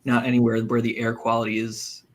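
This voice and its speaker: Man from Idaho, mid pitch, earnest and grateful, casual call. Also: monotone, fairly quick. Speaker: guest reader. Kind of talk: casual chat on a video call.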